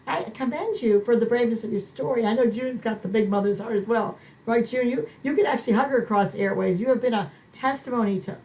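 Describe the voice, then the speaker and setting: A middle-aged woman hosting a Christian ministry podcast, talking emotionally in a preacher-like way that swings high for emphasis. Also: darkish tone, a little hiss or hum, poor audio. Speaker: podcast host.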